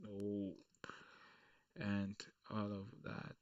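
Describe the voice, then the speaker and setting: A man walks through a screen-recorded coding lesson at a slow, unhurried pace, pausing to check in with "okay". His voice sits a little low. The sound is dull and dry, from a mic placed some distance away. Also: fairly bright tone, no room sound. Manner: slow, patient explaining with frequent "okay" and "uh". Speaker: coding tutorial instructor.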